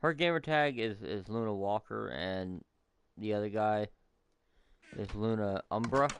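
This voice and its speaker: A man's voice: fairly low pitch, unhurried, clear, resonant tone. A man giving casual, rambling let's-play commentary as a gaming YouTuber, amused by his own asides.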